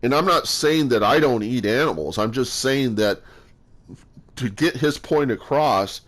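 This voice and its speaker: A man talking in a rambling casual monologue, halting often with fillers and restarts as he works through his thoughts. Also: mid-range voice, expressive, a bit bright. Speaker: solo talker sharing his views.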